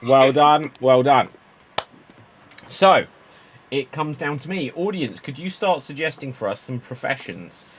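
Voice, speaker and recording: A man hosting a live improv show, chatty and lively. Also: mid-range voice, measured pace, a little hiss or hum. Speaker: improv host.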